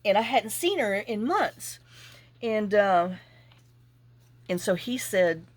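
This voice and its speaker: A woman hosting a crafting vlog, chatting casually and telling a rambling, animated story with asides while she works. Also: medium pitch, takes it slowly. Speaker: junk journaling channel host.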